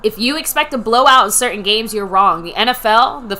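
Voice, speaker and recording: Bright chatty woman reading chat. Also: fairly high pitch, animated, a little fast. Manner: chatty, reads chat messages and thanks donors, laughs often. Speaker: co-host reading viewer chat. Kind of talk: live game reaction chat.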